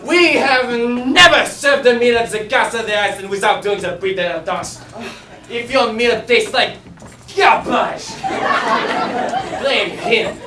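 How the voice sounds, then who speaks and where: A woman's voice: a little high, animated, measured pace, pushed and bright, some chatter behind, a little hiss or hum. A teenage girl acting a pompous restaurant dance host with a put-on French accent, bossy and theatrical, on a school stage. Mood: exasperated. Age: teens. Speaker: student actor. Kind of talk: live stage comedy acting. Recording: echoey school hall from far off, live audience.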